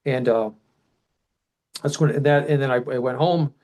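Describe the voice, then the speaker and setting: A middle-aged man, a podcast guest, telling an emotional personal story in a rambling way, full of restarts and loudly quoted shouting. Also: medium pitch, normal speed, rough recording.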